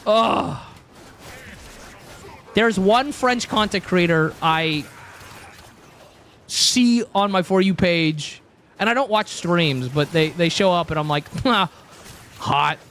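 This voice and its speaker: A young man with a high, light voice chats loosely with his stream audience, wandering from joke to joke. He talks in an offhand, rambling way, often stopping to restart his thoughts. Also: slow, long pauses, a bit bright, a little hiss or hum. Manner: rambling, joking, talks to chat. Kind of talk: casual live-stream chat.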